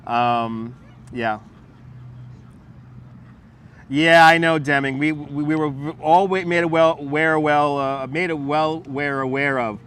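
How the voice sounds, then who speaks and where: A man's voice: a little high, fairly even intonation, measured pace, fairly bright tone, clear, resonant tone. A man hosting a casual livestream outdoors, rambling, laughing and swearing while he answers his chat. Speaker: livestream host. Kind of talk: casual live-stream chat while walking. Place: outdoors on a city waterfront. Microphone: wireless lapel mic.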